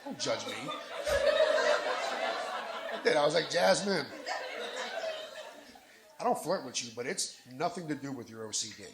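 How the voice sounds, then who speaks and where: A man's voice: mid-range voice, expressive, moderate pace, pauses often. A man doing a live stand-up set on a lounge stage, telling raunchy, self-deprecating stories into a stage mic. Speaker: stand-up comedian. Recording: echoey lounge with background noise.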